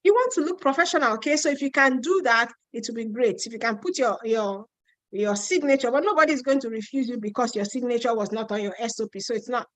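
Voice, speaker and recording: A woman's voice: a little high, fast, no echo, rough recording. A woman with a Nigerian accent hosting a casual live stream, reading out viewer questions and answering them frankly, with some teasing.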